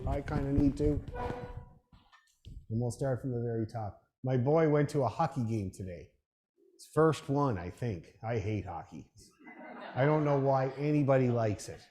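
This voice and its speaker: A man's voice: medium pitch, expressive, moderate pace, warm tone. Chatty man leading a rehearsal. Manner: chatty, dry humor, quotes people in raised voices. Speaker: orchestra leader. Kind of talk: casual storytelling at rehearsal.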